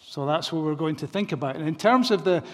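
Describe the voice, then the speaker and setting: A man's voice: on the high side, animated. Man preaching in a reverberant hall. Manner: reasoning, measured with restarts. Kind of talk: sermon. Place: church. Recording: long reverb of a church hall.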